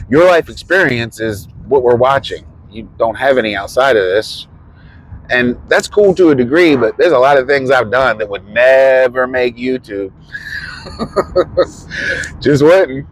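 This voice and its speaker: A man's voice: medium pitch, rough recording. A man vlogging casually, rambling through personal stories with frequent swearing and laughter. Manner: rambling, profane, laughs often. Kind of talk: casual storytelling.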